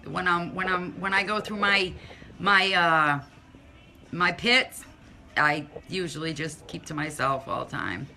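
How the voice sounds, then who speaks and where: Woman, live-stream host, casual chat with viewers, halting, restarts often, unhurried, very bright tone. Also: lowish voice, vocal fry. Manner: halting, with frequent restarts and trailing pauses.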